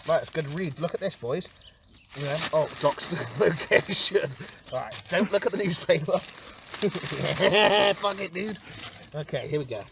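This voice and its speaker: A young man streaming a casual outdoor vlog, excitable and chatty, who keeps calling his viewers boys and swings between mumbling and yelling. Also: on the high side, unhurried, vocal fry, background noise. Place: outdoor garden.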